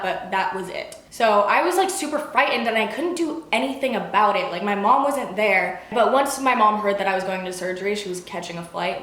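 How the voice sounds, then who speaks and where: A woman's voice: medium pitch, fairly bright tone. Chatty young woman vlogger in echoey room. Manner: chatty, filler-heavy, acts out quotes. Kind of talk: casual storytime.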